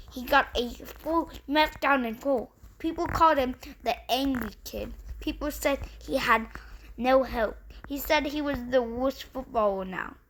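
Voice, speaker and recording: A woman tells a made-up story off the cuff, piling one sentence onto the next and restarting often. Her voice is fairly high for a woman, and she never stops to tidy up. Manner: rambling, run-on, with restarts. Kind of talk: improvised story narration.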